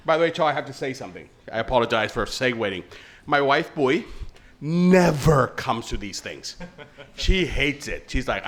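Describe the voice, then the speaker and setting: A man's voice: mid-range voice, lively intonation, unhurried, fairly bright tone. A man from Thailand in his late fifties, speaking as a panelist with jovial, joking, emphatic remarks. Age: late 50s.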